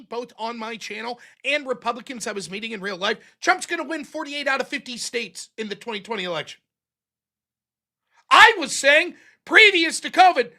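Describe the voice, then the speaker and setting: A man's voice: very high voice, pushed and bright. Angry, profane male livestream host. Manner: angry, profane, rhetorical questions. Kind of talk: profane political rant on a livestream.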